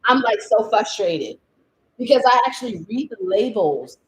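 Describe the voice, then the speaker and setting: A woman talking off the cuff on a live stream from home, slightly high-voiced and swinging widely in pitch. She rants in exasperation and keeps breaking into laughter. It sounds unscripted and personal. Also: big pitch swings, normal speed, rough recording.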